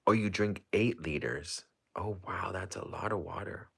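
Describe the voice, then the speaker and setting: Chatty low-voiced man reading live comments. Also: normal speed, gravelly, breathy edge. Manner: chatty and rambling, heavy with fillers and restarts. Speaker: livestream host. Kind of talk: casual livestream chat, answering viewer comments.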